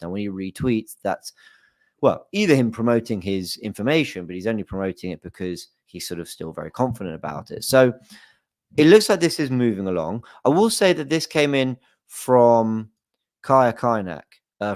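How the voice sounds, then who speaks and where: A man's voice: lowish voice, dry recording. A young man hosting a football fan channel, talking casually with lots of fillers and hedges. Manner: chatty, hedging, many fillers. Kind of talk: casual chat to camera.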